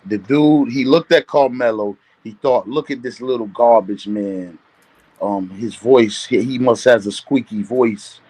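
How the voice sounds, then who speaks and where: A man, a guest on a livestream, loudly teasing and roasting another guest with streetwise banter. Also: mid-range voice, measured pace. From Brooklyn. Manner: loud, teasing, says "B" often.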